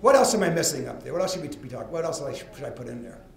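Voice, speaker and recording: An older man tells stories to a live crowd in a folksy, animated way. His voice sits high for a man. The sound carries a roomy echo from the event space. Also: very fast, creaky. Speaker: motivational speaker. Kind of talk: storytelling talk to a live audience. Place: event room.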